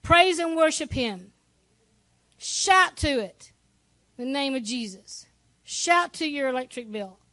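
Woman, pastor, lively conversational sermon, high-pitched, dry. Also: takes it slowly, pauses often, no echo. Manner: lively, conversational preaching with asides to the congregation.

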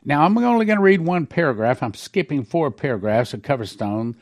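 A man's voice: fairly high pitch, lively intonation, a little fast. Male host, emphatic and preachy, reads prophecy passages and stresses the numbers. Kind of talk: reading and commenting on prophecies.

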